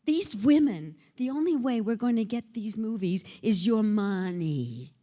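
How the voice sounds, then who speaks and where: An older woman delivers a conference keynote with a lively voice that swoops up and down. She is theatrical and teasing, dropping into character whenever she acts out the people she quotes. The talk comes across like a stage address to a live audience. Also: mid-range voice, moderate pace, few pauses. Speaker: keynote speaker. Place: conference hall before an audience.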